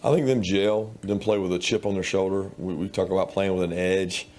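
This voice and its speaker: Deep-voiced blunt male football coach. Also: steady tone, fairly quick, darkish tone. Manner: blunt, intense, repeats himself. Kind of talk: press conference remarks.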